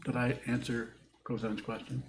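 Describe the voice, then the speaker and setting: A man giving a dharma talk as a Buddhist teacher, answering questions in a halting, thoughtful way and repeating words as he rethinks. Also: mid-range voice, level tone. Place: meditation hall with a group. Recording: echoey room with faint hiss.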